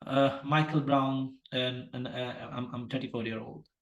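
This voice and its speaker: A man's voice: mid-range voice, little pitch movement, moderate pace, highs cut off, natural voice. A man role-playing an adult male patient who is agitated and keeps insisting that he go home.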